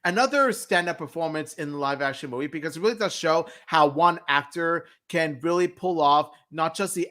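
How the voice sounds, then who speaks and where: A man co-hosts a casual film review chat, wry and emphatic, with loud outbursts. His voice sits a little high and has a bright, sharp edge. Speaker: co-host.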